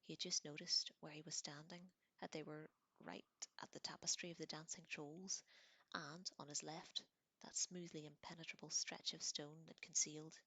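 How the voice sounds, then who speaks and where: A woman reading a novel aloud in a calm, hushed voice, partly whispered. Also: low-pitched, moderate pace, husky, no room sound. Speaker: audiobook reader.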